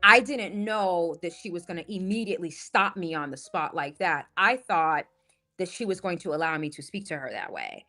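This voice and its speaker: A woman's voice: fairly low pitch, lively intonation, normal speed, bright, forceful tone. A woman who works as a spiritual life coach tells a story in a casual monologue, assertive and emphatic, often asking "right?".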